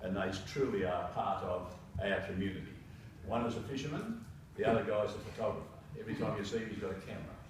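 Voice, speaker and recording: A man's voice: on the low side, fast, few pauses, a little hiss or hum. A man presiding over a citizenship ceremony, giving a formal speech and reading with frequent hesitations. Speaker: council presiding officer. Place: council meeting room. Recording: echoey council chamber from far off.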